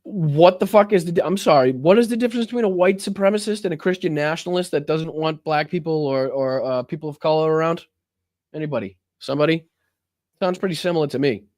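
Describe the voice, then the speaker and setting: A man's voice: on the high side, fast talker, a little mellow, dry recording. A man hosting a political livestream, reacting to clips with heated, profane, mocking commentary. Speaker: political talk show host.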